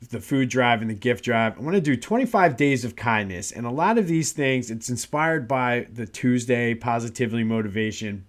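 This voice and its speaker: Guy in his 30s doing a solo sports podcast, ums and uhs everywhere, keeps restarting his sentences, middle pitch. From Philadelphia area. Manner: chatty, rambling, many fillers and restarts. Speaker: podcast host. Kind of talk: casual solo talk show.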